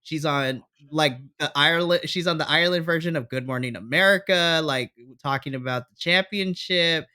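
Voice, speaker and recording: A man's voice: on the high side, normal speed, few pauses, pushed and bright, clean tone. A man co-hosting a podcast, chatting casually and animatedly about a wrestling show, acting out his own reactions. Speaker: podcast co-host. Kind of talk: casual wrestling review chat.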